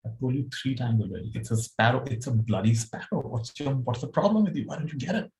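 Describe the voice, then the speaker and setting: A man's voice: mid-range voice, sing-song, quick pace, warm tone, pitched above the performer's own voice, natural voice, low-quality recording. A man voicing an irritable grown son who snaps at his elderly father. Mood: irritated. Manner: exasperated, snapping.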